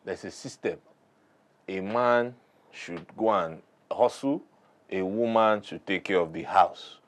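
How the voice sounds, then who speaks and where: A man's voice: low-pitched, takes it slowly. A man with a Nigerian accent, a guest in a talk-show debate, arguing his side in an emphatic, preachy way. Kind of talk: heated debate argument.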